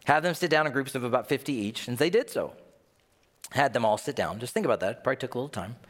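A man preaching a sermon in a conversational, animated way, often acting out bits of dialogue. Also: mid-range voice, fast. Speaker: pastor. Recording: long reverb of a large hall.

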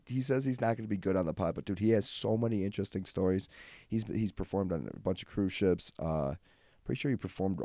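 In a solo comedic rant, a young podcast host rambles through his stories, peppering them with fillers and jokes at his own expense. His voice sits lowish with a dark tone, recorded at studio quality with no echo.

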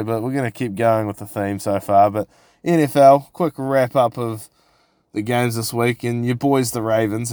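A man's voice: medium pitch, darkish tone, no room sound. New zealand man, young adult, podcast host, sweary rant, dry close sound. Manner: sweary, blokey, gets worked up. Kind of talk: casual solo podcast rant.

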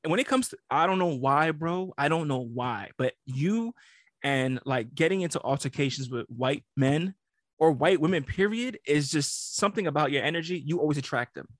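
A man's voice: on the high side, moderate pace, no room sound, studio quality. A man co-hosting a casual podcast, blunt and argumentative, swearing freely. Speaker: podcast co-host. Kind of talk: casual chat.

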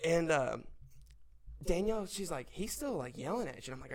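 Young man telling a story, fairly high voice. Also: fast talker, a crowd in the background. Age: young adult. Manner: animated, swearing, laughs through his story. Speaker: podcast guest. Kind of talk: casual storytelling.

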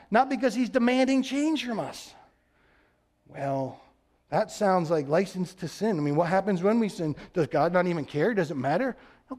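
A man's voice: very high voice, darkish tone. A male pastor preaching a sermon in a conversational way, repeating phrases for emphasis.

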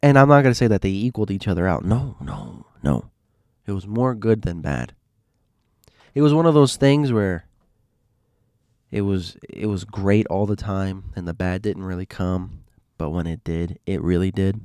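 Deep-voiced man telling a story. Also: normal speed, clean tone, dry recording, studio quality. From Miami. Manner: animated, rambling with restarts. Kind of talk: casual storytelling monologue.

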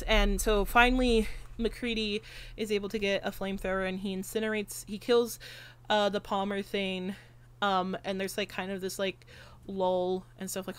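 A woman in casual podcast chat, with a voice sitting at an ordinary middle pitch for a woman. She rambles through film scenes with constant fillers and swears freely. She retells the action in an animated way. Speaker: podcast host.

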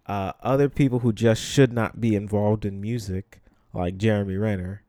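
On his solo podcast, a Bronx, New York man speaks bluntly and conversationally, dropping plenty of ums and you-knows. His voice sits on the low side with warm tone, fairly even intonation, and normal speed, recorded in a clean studio with no echo.

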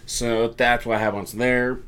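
A man talking through a wrestling broadcast in relaxed, casual chat, a mid-pitched voice. He drops into brief playful imitations of the wrestlers as he recaps. Easygoing podcast delivery. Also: slow, clear, resonant tone.

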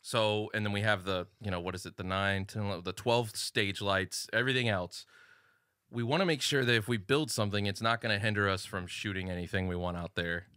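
A man's voice: fairly low pitch, fairly quick, clear, resonant tone, dry recording, studio quality. A man hosting a casual podcast, joking and acting out other people as he tells stories. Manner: joking, animated storyteller who acts out others. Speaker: podcast host.

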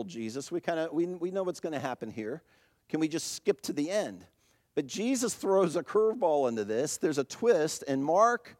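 A man preaching a sermon, animated and conversational, acting out the lines he quotes. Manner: animated, acts out quoted voices with rising pitch. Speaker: pastor.

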